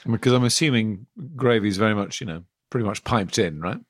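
A man's voice: fairly low pitch, brisk, no echo, clean studio sound. A man co-hosting a comedy podcast, teasing and asking questions in casual chat.

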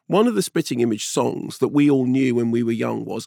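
A middle-aged man from England in casual chat, telling stories in an animated, emphatic, loud way. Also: mid-range voice, fairly quick, creaky, dry recording, studio quality. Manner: animated, emphatic storyteller who talks loudly.

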